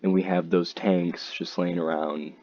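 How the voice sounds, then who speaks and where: Low, slow-talking teen guy rambling. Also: little pitch movement. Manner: rambling, profane, frequent "like" and "dude". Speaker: storyteller. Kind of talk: casual storytime. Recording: slightly dull lo-fi audio, faint noise.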